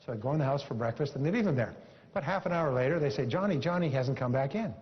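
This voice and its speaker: A man's voice: mid-range voice, animated, fast. A man giving a live motivational seminar speech to an audience, emphatic and repeating lines for effect, telling a story with animation. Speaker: motivational speaker. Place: seminar hall before an audience. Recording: echoey hall, dull lo-fi sound.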